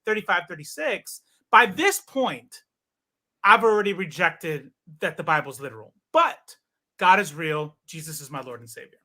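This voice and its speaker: A man's voice: high-pitched, lively intonation, moderate pace, sharp tone. A man in his forties, a guest in a casual interview, telling a long personal story with many fillers and restarts. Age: 40s. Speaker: podcast guest.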